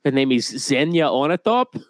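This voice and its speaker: Podcast co-host: young man, mid-range voice, rambling and animated, dry close mic. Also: medium pitch, moderate pace, no room sound. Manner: rambling, animated, laughs at own jokes. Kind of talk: casual chat.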